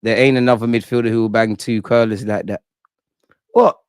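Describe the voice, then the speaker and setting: A young man hosting a live football reaction stream, excitable and slangy, swearing and reading chat aloud. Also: medium pitch, brisk, clear, resonant tone, no room sound, studio quality. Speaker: football fan channel host.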